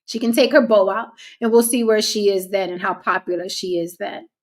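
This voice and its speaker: A woman's voice: mid-range voice, steady tone, fairly quick. A woman hosting a casual commentary show, talking straight to her viewers in a blunt, cynical way. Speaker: host.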